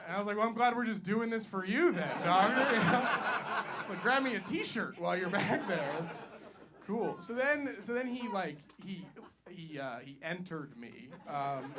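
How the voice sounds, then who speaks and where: A young man performing stand-up in a small club, his voice high and bouncing all over the place. The live recording carries a clear layer of noise under the mic. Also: normal speed. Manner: animated, jumps loud for acted-out lines. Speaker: stand-up comedian. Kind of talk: stand-up comedy set. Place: small comedy club stage.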